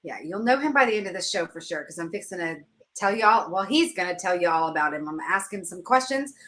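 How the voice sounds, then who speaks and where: A woman's voice: on the low side, animated, brisk, a bit bright. A woman hosting a show, telling a story in casual chat and laughing at herself as she goes. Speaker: podcast host.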